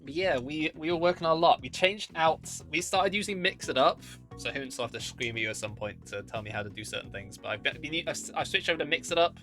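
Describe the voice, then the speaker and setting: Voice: medium pitch, fairly bright tone. A streamer chatting live, greeting viewers with bubbly, goofy exclamations.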